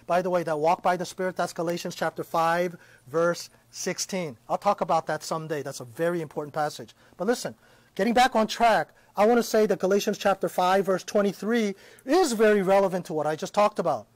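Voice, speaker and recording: Male Bible teacher with a high voice on a dry close mic, conversational preacher who keeps checking in. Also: brisk, no echo. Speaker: Christian teacher. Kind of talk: live-streamed Bible teaching.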